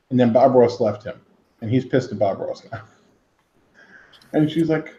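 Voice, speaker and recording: A man hosting a modeling hangout, rambling through animated stories and acting out the people he quotes. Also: mid-range voice, normal speed, reverberant, highs cut off, a little hiss or hum. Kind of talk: casual storytelling chat. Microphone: headset.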